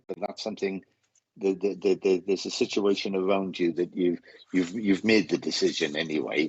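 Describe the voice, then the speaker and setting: A man giving live psychic readings on a stream, talking haltingly, repeating phrases and getting emotional. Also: deep voice, a little mellow, husky, dull audio. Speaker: psychic medium host.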